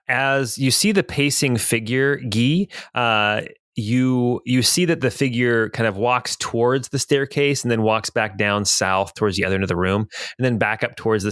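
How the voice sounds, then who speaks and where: A man's voice: on the low side, a bit bright, smooth, no echo. A man narrating as game master of a tabletop adventure, describing scenes with frequent hesitations and fillers.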